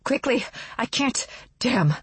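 A woman's voice: medium pitch, expressive, normal speed, slightly rough, no echo. A woman reading a novel aloud, voicing a tart young witch who mutters and strains through gritted teeth mid-fight. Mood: strained.

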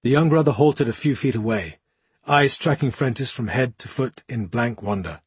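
A man reading a fantasy novel as an audiobook in a measured, even storytelling manner. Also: mid-range voice, husky, dry recording. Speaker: audiobook narrator. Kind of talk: scripted fantasy narration.

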